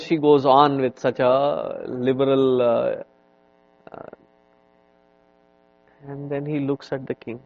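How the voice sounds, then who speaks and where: A man, a swami, lectures on scripture at a very slow, easy pace, drifting into stories. His talk is conversational and full of "you know" fillers, at a middle pitch. The recording sounds dull and lo-fi. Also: fairly even intonation, gravelly. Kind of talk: spiritual lecture with storytelling.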